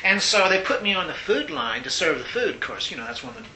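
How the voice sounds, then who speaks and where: An older man being interviewed, telling stories in a casual, animated way and laughing often. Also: fast. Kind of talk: casual storytelling. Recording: roomy echo, faint rumble.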